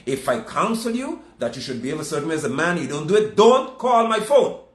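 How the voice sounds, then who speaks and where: Emphatic preacher man, lively pitch. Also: fast talker, roomy sound. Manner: emphatic, repetitive, scolding. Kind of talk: sermon.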